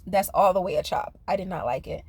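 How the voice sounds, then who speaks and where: A woman's voice: on the low side, fairly quick, darkish tone, husky, no echo. A woman reviewing a reality TV episode in a casual, sassy, chatty way, speaking straight to her viewers. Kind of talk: casual recap commentary.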